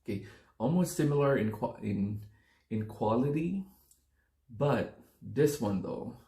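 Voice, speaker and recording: A man's voice: medium pitch, expressive, slow, dark tone, reverberant. A man, chatting casually and rambling to his phone camera while taste-testing beer at home. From Philippines. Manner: chatty, rambling, self-correcting. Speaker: beer-tasting vlogger.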